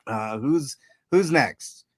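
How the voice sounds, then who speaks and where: A man's voice: medium pitch, animated, drawn-out words, no echo. A man hosting a casual podcast, joking and laughing often with his co-hosts. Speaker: host.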